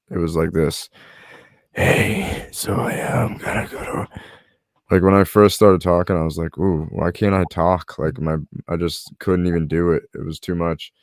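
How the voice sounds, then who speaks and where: A man's voice: deep voice, a little mellow, dry recording, studio quality. A young man hosting a podcast, telling a personal story in casual chat and acting out what others said. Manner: storytelling, acts out quoted voices. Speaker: podcast host.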